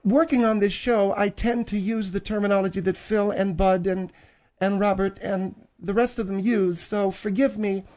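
A man's voice: sits high, steady tone, normal speed, a little mellow, pitched above the performer's own voice, lightly acted. A man voicing a prissy, snobbish middle-aged woman co-host on a comedy talk show, pompous and affected. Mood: haughty. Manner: pompous, affected, catty asides. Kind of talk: comedic talk radio banter.

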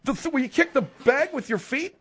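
A man's voice: very high-pitched, animated, a little fast, fairly bright tone. A man hosting a radio comedy talk show, incredulous and needling as he questions his guests.

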